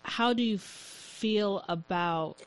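A woman hosting a casual conversation, speaking haltingly and agreeing often. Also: mid-range voice, clear, resonant tone, poor audio. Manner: halting, agreeable, many short backchannels.

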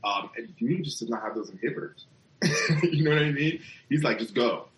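A man's voice: medium pitch, expressive, brisk, reverberant, slight background noise, low-quality recording. A man guest on a podcast, telling stories reflectively in casual chat.

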